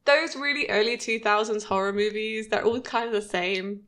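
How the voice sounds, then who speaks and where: Woman in her 30s chatting on a podcast, laughy, bouncy pitch. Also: moderate pace. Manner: chatty, laughs often, lively pitch jumps. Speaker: podcast co-host. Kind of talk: casual chat about a TV episode.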